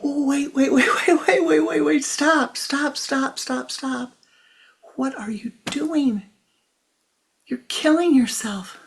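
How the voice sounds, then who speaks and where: A woman voicing a kind male sage who hurries to stop someone, her voice much higher and louder than usual. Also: takes it slowly, gravelly, slight background noise. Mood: alarmed. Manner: urgent, repeating commands. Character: kindly elder male sage, frantic and caring.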